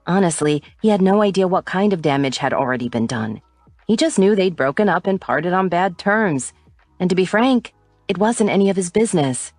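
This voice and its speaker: A woman reading a romance audiobook as its narrator, giving the characters light shifts in pitch. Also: animated, normal speed, dry recording, soft background music.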